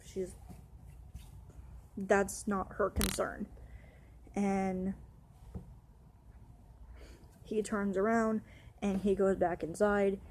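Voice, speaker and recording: A woman's voice: medium pitch, flat delivery, very slow, long pauses, a little mellow, slight background noise. A young woman rants in an upset, run-on way, swearing often as she tells a storytime vlog about her night. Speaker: vlogger.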